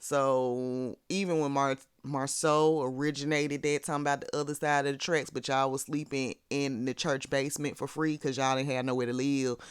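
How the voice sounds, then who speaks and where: A speaker from Birmingham, Alabama with a Southern accent, giving sassy, animated casual commentary on a reality show and laughing often. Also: mid-range voice, normal speed, few pauses, clean tone, no room sound, clean studio sound.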